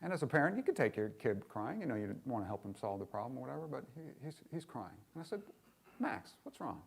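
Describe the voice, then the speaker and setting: A middle-aged male minister giving a candid, conversational sermon, often putting questions to the congregation and going soft and hushed in tender moments. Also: mid-range voice, big pitch swings, quick pace, vocal fry, husky.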